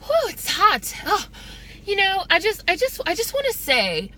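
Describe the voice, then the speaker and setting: A woman's voice: very high voice, wildly swooping pitch, measured pace, pushed and bright, a little hiss or hum, pitched above the performer's own voice, full character voice. A woman voicing a politely chatty racist white man, breezy and rambling, with a sweet apologetic manner. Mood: sugary polite.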